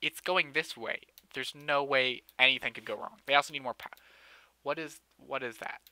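Give me a bright, joking young man narrating his gameplay. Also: mid-range voice, normal speed, dry recording. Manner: joking, sarcastic, self-mocking, often laughing. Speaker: gamer playing a city-building game. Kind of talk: casual let's-play commentary.

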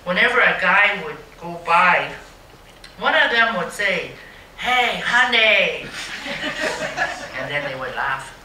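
Slow, wry woman poet in a roomy hall. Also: fairly low pitch, lively intonation, pushed and bright, a little hiss or hum. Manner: wry, mocking, dry humor. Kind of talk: live poetry reading. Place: museum gallery. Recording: roomy hall, mic at a distance.

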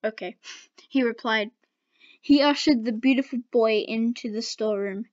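A woman's voice: a little high, moderate pace, a little mellow, no room sound. A woman casually reading fan fiction aloud, with playful, laughing asides, in a dull lo-fi home recording.

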